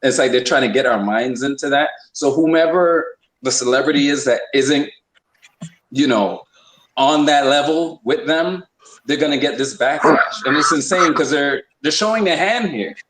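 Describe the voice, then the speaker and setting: A man's voice: on the high side, normal speed, a bit bright, echoey room, poor audio. A man hosting a podcast, talking in a rambling, emphatic way with many restarts. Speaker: podcast host. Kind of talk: casual opinion talk.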